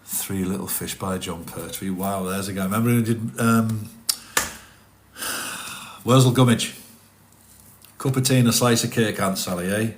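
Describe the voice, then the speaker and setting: A middle-aged man talks in a low voice. He rambles in a casual, chatty way on a live stream, reading out and answering viewers' comments. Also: moderate pace, long pauses, a little hiss or hum. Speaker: livestream host reading chat.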